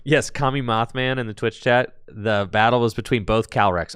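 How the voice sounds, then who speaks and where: A man's voice: mid-range voice, steady tone, moderate pace, few pauses, fairly bright tone, clear, resonant tone, no room sound, studio quality. A man casually commentating a card game tournament stream, rambling with jokey asides and answering chat.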